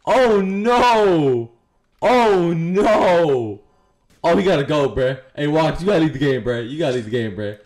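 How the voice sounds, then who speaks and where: This gaming streamer plays online and trash-talks other players with crude, joking commentary. His voice is a little high and a touch mellow, expressive, and he speaks at an unhurried pace.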